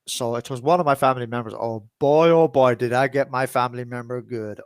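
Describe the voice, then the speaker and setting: A man's voice: mid-range voice, steady tone, fairly quick, few pauses, clean tone, dry recording. A man hosting a livestream, telling a rambling story to his viewers with plenty of swearing. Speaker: livestream host and DJ.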